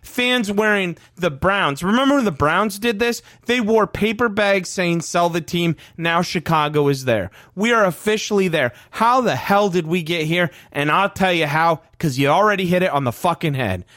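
A fired-up man hosting a sports podcast, ranting with hard emphasis and frequent swearing. His voice sits high and swings widely. The sound is dry and close. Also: lively intonation, moderate pace, few pauses, fairly bright tone, no room sound. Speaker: podcast host. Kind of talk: heated sports podcast talk.

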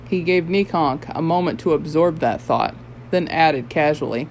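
Steady audiobook narrator, mid pitch. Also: normal speed, a little hiss or hum, poor audio. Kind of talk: scripted narration.

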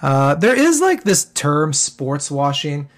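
A man's voice: a little high, big pitch swings, slow. A man hosting a casual solo podcast, rambling with lots of fillers and tag questions, his voice getting worn. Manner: rambling, filler-heavy, keeps tagging "okay?". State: losing his voice. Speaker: podcast host.

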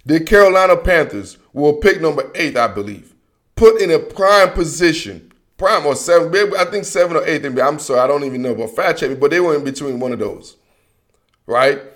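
A man with a fairly high voice runs a casual football opinion monologue. He is animated and slangy, circles back on his points, and talks straight at the coach he is criticizing. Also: normal speed. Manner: animated, slangy, repeats himself, addresses people directly. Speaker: sports commentary host.

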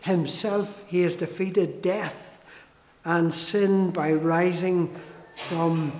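A man preaching a sermon, slow and emphatic, who repeats key phrases for weight and restarts his sentences. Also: high voice, steady tone, darkish tone. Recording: echoey hall with long reverb.

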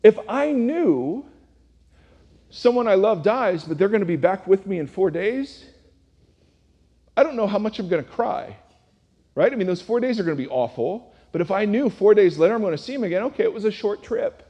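A man with a high yet mellow, warm voice preaches in a relaxed, conversational way. He teaches casually and keeps putting rhetorical questions to the congregation. His voice carries a long reverb from a large church hall. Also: moderate pace, husky, lo-fi sound. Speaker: pastor. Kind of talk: conversational sermon.

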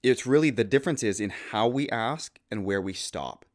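A man's voice: lowish voice, animated, moderate pace. A man in his thirties, a podcast co-host, talking through theology in an earnest, thoughtful way and quoting Scripture aloud. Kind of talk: casual theological discussion.

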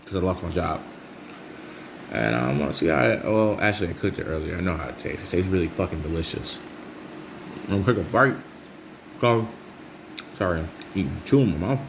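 A man with a deep, gravelly voice hosts his own podcast solo, telling casual, profane stories at a brisk clip with long pauses over a noisy background. He laughs often, swears freely, and gets chatty and animated as the stories unfold.

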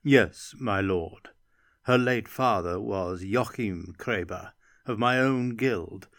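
A man voicing a smug, scheming court wizard who speaks in a smooth, insinuating way. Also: fairly low pitch, fairly bright tone. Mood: sly smug. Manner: smooth, sly, deliberate.

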